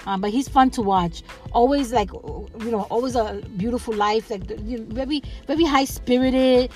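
A woman's voice: a little high, moderate pace, darkish tone, faint music behind. A woman hosting a casual solo podcast, chatting in a rambling way with lots of fillers, restarts and laughs. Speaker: podcast host.

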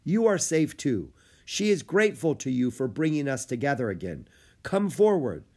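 Man voicing an older wise mountaineer, storybook, calm, formal, gentle, lively pitch. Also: normal speed.

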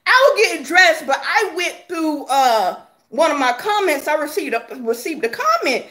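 A woman's voice: high-pitched, big pitch swings, normal speed, pushed and bright. A woman vlogger giving sassy, laughing gossip commentary, calling viewers honey and baby.

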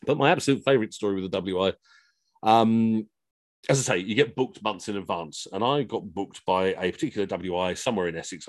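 A man telling comic stories in a chatty, lively way, acting out the people he quotes. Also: fairly low pitch, no room sound. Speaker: costumed entertainer. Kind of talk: comic storytelling. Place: at home on a video call.

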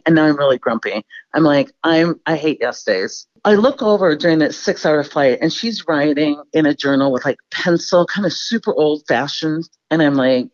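A woman's voice: sits low, darkish tone, dull audio. A woman guest speaker on a podcast, telling candid, self-deprecating stories about her life. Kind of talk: storytelling interview answer.

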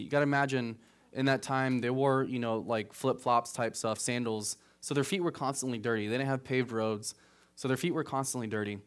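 Conversational male pastor preaching. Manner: conversational, keeps asking "right?"; rises animated at asides, drops low on solemn points. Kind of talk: casual sermon.

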